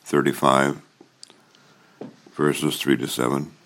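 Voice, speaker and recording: Male pastor, extremely deep voice, solemn liturgical reading. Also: flat delivery, creaky, a bit bright. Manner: formal measured liturgical reading; solemn intoning of prayers and scripture. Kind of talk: liturgical church service.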